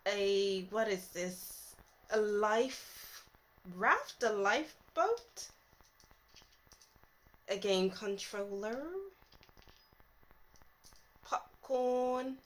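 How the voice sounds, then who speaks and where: Slow-talking woman reading tarot. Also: mid-range voice. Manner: chatty, reassuring, laughs at herself. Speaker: tarot reader. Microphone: phone.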